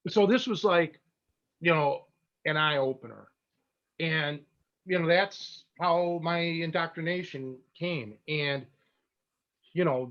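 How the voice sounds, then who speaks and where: A fairly high-voiced man spins a casual story on a podcast, as a wrestling coach talking to his students. He talks in bursts, trips over his own restarts and drops blunt asides. The audio is dull and lo-fi. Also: a bit bright.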